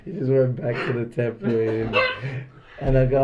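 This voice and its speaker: A man's voice: mid-range voice, level tone, moderate pace, noisy background. A man giving an informal devotional class in a house, telling rambling stories full of "like" fillers and acting out the dialogue. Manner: rambling storyteller, many "like" fillers, acts out dialogue. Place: indoors in a private house.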